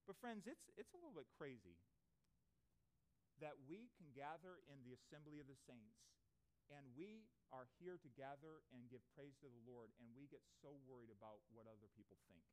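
A pastor preaching an earnest sermon to a congregation, full of rhetorical questions. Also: male voice, mid-range voice, lively intonation, normal speed. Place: church before a congregation.

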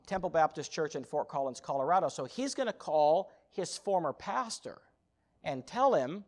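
A man preaching a sermon as a missionary, telling a story with animated, rising passion. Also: on the high side.

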